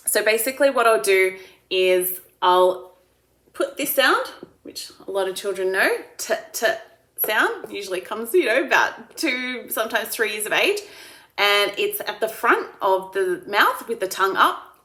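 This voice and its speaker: An Australian woman speech therapist explains her method in a calm, encouraging way. She slows down to model each speech sound. Her voice carries a roomy echo. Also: medium pitch. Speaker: speech pathologist. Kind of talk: explaining therapy steps to camera.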